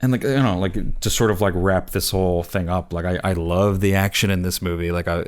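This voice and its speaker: A man's voice: low voice, steady tone, fairly quick. A man co-hosting a casual movie review podcast, rambling with lots of fillers and restarts. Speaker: podcast co-host.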